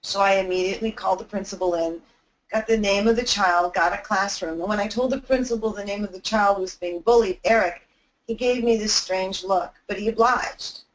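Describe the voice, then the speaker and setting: A woman's voice: medium pitch, fairly quick, low-quality recording. Earnest woman telling a heartfelt story. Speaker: anti-bullying speaker. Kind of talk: webinar talk with personal storytelling.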